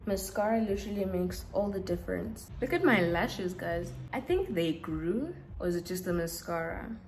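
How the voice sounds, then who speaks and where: A woman's voice: fairly low pitch, normal speed, slight background noise. Chatty young woman. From South Africa. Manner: chatty and animated, acts out quotes. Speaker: beauty vlogger. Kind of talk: casual storytelling chat.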